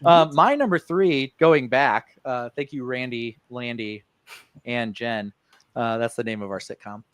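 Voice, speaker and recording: A man's voice: mid-range voice, unhurried, fairly bright tone, no room sound. A man hosting a casual podcast chat about video games, laid-back and loose, swearing and laughing with friends. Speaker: host.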